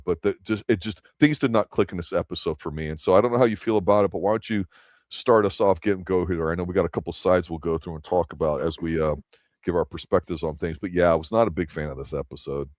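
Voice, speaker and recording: A man's voice: low-pitched, quick pace, a little mellow, no room sound, clean studio sound. A male host reviewing a TV episode in casual chat, opinionated and ranting animatedly. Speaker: show host.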